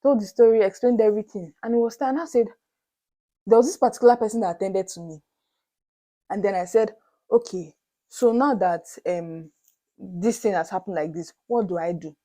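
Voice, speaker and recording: A young Nigerian woman vlogger retelling a story to her viewers in an animated, dramatic way, slipping into Pidgin asides. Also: mid-range voice, moderate pace. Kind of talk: storytelling to camera.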